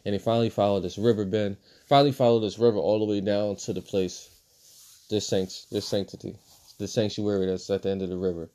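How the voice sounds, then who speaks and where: A man giving a casual, profane movie review, swinging between loud outbursts and low mutters. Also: steady tone, brisk.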